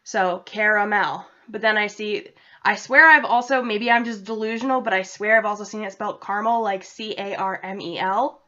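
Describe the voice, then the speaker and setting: A woman's voice: medium pitch, normal speed, pushed and bright. A young woman from central Massachusetts with a New England accent, chatting and rambling casually to her laptop camera in a self-deprecating way. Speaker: vlogger. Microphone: laptop webcam. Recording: dull lo-fi laptop audio.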